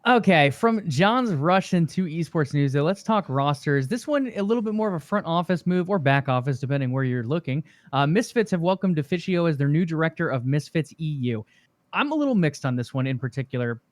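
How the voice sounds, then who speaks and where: A man co-hosting an esports podcast, calmly talking through the week's news at length. His voice sits a little high. The recording is dry and close. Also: fairly quick, no echo. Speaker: podcast co-host. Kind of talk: casual esports news chat.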